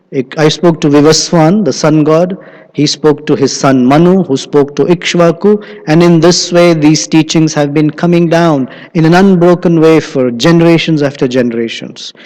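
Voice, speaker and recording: A male preacher tells scripture stories in an animated way, his voice a little high for a man. He speaks in a temple hall. Long reverb trails each phrase. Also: moderate pace. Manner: animated storyteller. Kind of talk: sermon storytelling.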